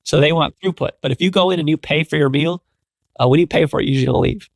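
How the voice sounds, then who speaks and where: A man guesting on an interview show, telling stories in an energetic, repetitive, casual way. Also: a little high, fast, no room sound, clean studio sound. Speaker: guest, business executive.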